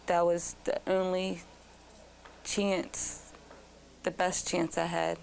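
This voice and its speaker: A young woman with a Baltimore accent recounting being held hostage in a slow, shaken, subdued news interview. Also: on the low side, flat delivery, creaky, a little mellow, slight background noise, rough recording. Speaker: former hostage recounting ordeal.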